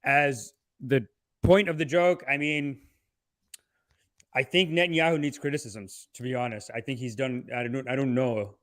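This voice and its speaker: A man hosting a podcast, riffing sarcastically on clips in a rambling, animated way. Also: medium pitch, normal speed, no echo, clean studio sound. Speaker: podcast host. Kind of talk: comedic commentary.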